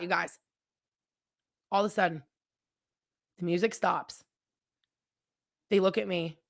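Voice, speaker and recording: A woman's voice: lowish voice, fairly even intonation, slow, vocal fry, long pauses. A woman hosting her own podcast, telling a personal story in a candid, chatty way, talking straight to her listeners and often restarting sentences or going off on asides. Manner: rambling with frequent restarts and asides. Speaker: podcast host. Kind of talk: personal storytelling, casual chat.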